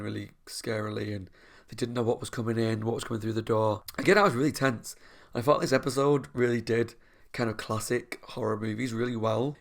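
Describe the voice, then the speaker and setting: A man's voice: medium pitch, gravelly. A young man, chatting enthusiastically and a little ramblingly as he ranks episodes. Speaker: YouTube reviewer. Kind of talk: casual chat.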